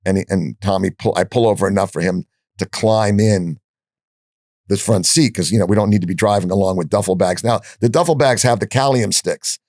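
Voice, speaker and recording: Brief: older man, low-pitched, blunt profane storyteller who voices the dialogue he quotes, dry close sound. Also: fairly quick, darkish tone, no room sound. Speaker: podcast guest. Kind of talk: storytelling in an interview.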